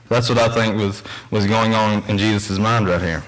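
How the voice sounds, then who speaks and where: A man's voice: on the low side, fairly even intonation, normal speed, hardly any pauses, rough recording. A young man preaching a sermon in a church, mixing scripture reading with earnest, conversational storytelling asides.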